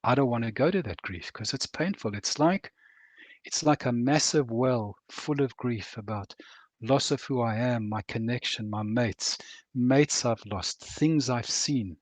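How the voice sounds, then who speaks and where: An older man talks about hard things in an earnest, measured voice, pitched at an ordinary middle. He slows down and weighs each heavy word. The sound is close and dry, with no room echo. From Rhodesia. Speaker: veteran author and counsellor. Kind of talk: reflective interview talk.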